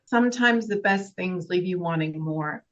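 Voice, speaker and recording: Earnest actress, heartfelt and tearful. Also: female voice, on the low side, moderate pace, a bit bright, dull audio. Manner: heartfelt, earnest, laughs through tears. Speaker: actress guest. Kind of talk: emotional interview talk.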